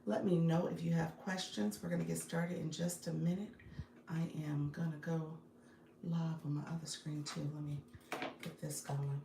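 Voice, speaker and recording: A woman's voice: low-pitched, fairly even intonation, normal speed, creaky, reverberant, noisy background. A woman hosting a casual live stream from her phone, chatting with viewers, greeting them by name and laughing often. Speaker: live-stream host and business coach.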